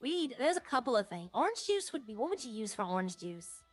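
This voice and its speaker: A woman's voice: a little high, sing-song, brisk, soft background music. A woman streaming a roleplay game, chatting casually and jokily to her viewers in a rambling way.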